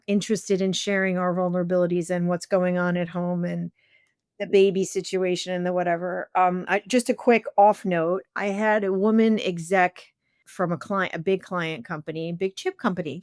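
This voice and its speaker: A woman's voice: lowish voice, darkish tone, clear, resonant tone, no room sound, clean studio sound. A woman hosting a podcast interview, talking candidly and telling anecdotes with a few restarts. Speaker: podcast host. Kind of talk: casual conversational interview.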